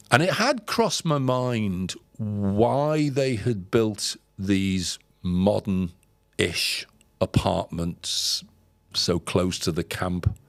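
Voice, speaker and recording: Low, gravelly man telling a story haltingly. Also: dry recording. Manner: halting, with many fillers and repeated words; earnest and reflective. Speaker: podcast guest recounting travels. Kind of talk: conversational storytelling.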